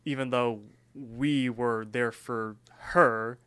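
A man co-hosting a podcast, telling stories in an animated way and swearing casually. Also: mid-range voice, slow pace, clean tone. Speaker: podcast co-host. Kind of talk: casual chat.

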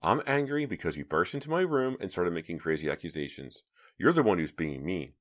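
A man's voice: sits low, sing-song, brisk. A man reading an audiobook, voicing a scornful teenage girl who talks sarcastically. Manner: sarcastic, scoffing.

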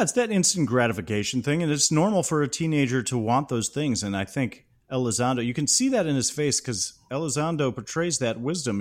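A man co-hosting a podcast, talking through a film scene in a thoughtful, analytical way. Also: medium pitch. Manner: thoughtful, analytical, animated when praising. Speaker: podcast co-host. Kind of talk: casual film discussion.

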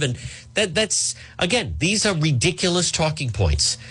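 A middle-aged male talk radio host in full monologue, husky and a little rough around the edges. His pitch swings widely as he jeers and scolds, sarcastic and combative from start to finish. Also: very animated, measured pace, a bit bright. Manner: combative, sarcastic, mocking put-on voices.

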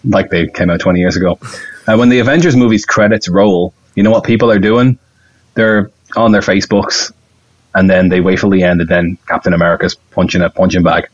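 A man guesting on a podcast as an actor, talking in a rambling, excitable way and laughing often. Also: low-pitched, a little fast, lo-fi sound. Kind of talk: casual podcast chat.

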